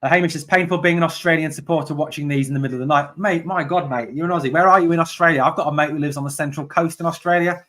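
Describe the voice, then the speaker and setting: A man hosts a live watch-along of a football match, calling each pass and tackle as it happens. He chats casually with viewers about their comments between plays. When his side lets him down, he shouts at them in exasperation. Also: fairly high pitch, steady tone, very fast, hardly any pauses. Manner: chatty, reads out and answers viewer comments. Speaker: fan channel host.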